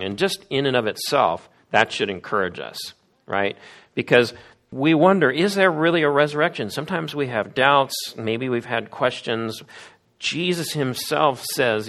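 A man's voice: mid-range voice, expressive, unhurried, fairly bright tone. A man preaching a sermon in an emphatic way, acting out the voices of the people in the story he tells. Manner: acts out quoted voices, emphatic.

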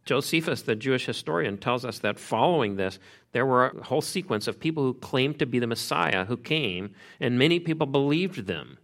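A pastor preaching an expository sermon in a conversational, emphatic way, repeating key phrases. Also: male voice, mid-range voice, lively intonation, fairly quick, a bit bright.

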